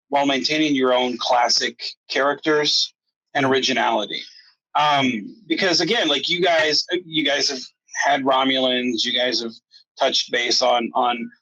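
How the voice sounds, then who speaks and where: A man interviewing a guest, talking haltingly with many restarts. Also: mid-range voice, pushed and bright, breathy edge, no echo. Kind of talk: casual interview chat. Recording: dry, dull lo-fi mic.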